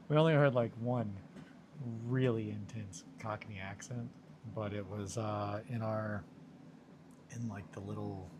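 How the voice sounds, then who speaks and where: Low-voiced man rambling casually. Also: noisy background. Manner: chatty, rambling, swears, self-mocking. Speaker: streamer chatting with viewers. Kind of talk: casual chat. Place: home studio.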